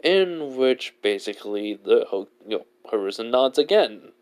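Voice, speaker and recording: A man's voice: mid-range voice, expressive, moderate pace. A man casually improvising a fan-fiction story, rambling and leaning on fillers and self-corrections. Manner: rambling, heavy use of "basically" and self-corrections.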